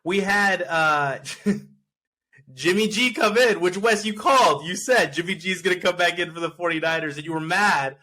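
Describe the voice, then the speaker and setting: A young man hosting a casual sports podcast, playful and quick to laugh. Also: high-pitched, pushed and bright. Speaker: podcast host.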